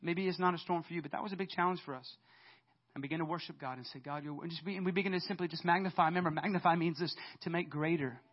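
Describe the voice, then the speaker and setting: A man preaching a sermon as the pastor, in a loose, conversational way, jumping from quiet asides to loud peaks and laughing along. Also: on the high side, fairly even intonation, very fast, lo-fi sound.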